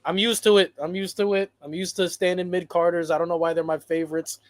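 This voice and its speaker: A man's voice: high voice, flat delivery, fast talker, dry recording. A man co-hosting a wrestling podcast in casual chat, emphatic and theatrical, swearing freely. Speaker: podcast co-host.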